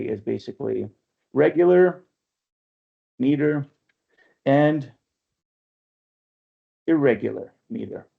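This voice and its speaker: Vocal fry colors this man's fairly high voice as he leads an online poetry workshop, serving as its leader and a press editor. Chatty and conversational, he frequently says "right?" and slows to read verse aloud deliberately; his webinar computer mic gives dull lo-fi audio.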